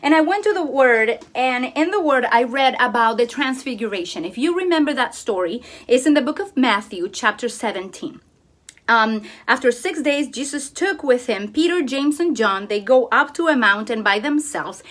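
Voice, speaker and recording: Bubbly high-voiced woman vlogger. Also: moderate pace. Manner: enthusiastic, expressive, exclaiming. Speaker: crafting vlogger sharing a devotional. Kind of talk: casual craft tutorial and devotional talk.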